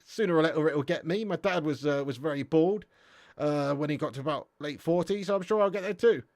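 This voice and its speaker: A young English man hosts a football live stream, reading out chat and trading cheeky, swear-laced banter with viewers. His voice sits a touch high and sounds dry and close to the mic. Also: a little fast, darkish tone, no echo. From England. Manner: banter-heavy, swears freely, laughs often, slangy.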